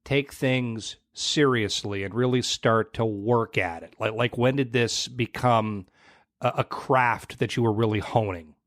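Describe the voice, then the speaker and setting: A man's voice: mid-range voice, measured pace, fairly bright tone, no room sound, clean studio sound. A man hosting an interview, asking his guest questions in an easygoing, conversational way. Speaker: podcast host.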